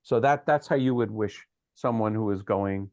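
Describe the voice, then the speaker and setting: A man's voice: fairly low pitch, normal speed, a little mellow, no echo. Man, discussion leader, explains patiently and corrects pronunciation; dry, close-miked. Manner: explains at length, corrects pronunciation, hesitant fillers. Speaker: teacher leading the discussion. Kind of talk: explanatory study session.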